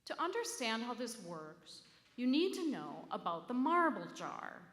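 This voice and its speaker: A woman minister delivering a sermon, telling a story slowly with dramatic emphasis. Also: on the high side, very animated, a bit bright. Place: church sanctuary. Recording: echoey sanctuary with long reverb.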